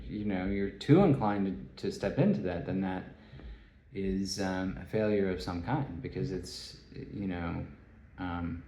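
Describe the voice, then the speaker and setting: A man giving a rambling solo talk, halting and restarting his phrases. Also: fairly low pitch, warm tone. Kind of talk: rambling spoken monologue. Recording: echoey room.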